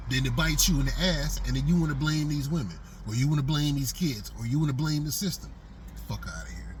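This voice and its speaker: A middle-aged man holds forth in a blunt, casual monologue, his voice sitting a little high for a man. He talks emphatically, profane and streetwise. Faint vehicle noise hums behind him. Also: fairly bright tone. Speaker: vlogger.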